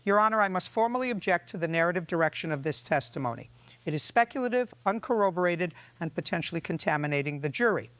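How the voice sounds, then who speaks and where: Voiced by the narrator, a crisp female lawyer who lodges objections in stiff legal phrasing. Her alarm shows through the formality. The recording is close and dry. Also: on the low side, lively intonation, quick pace, dry recording, natural voice.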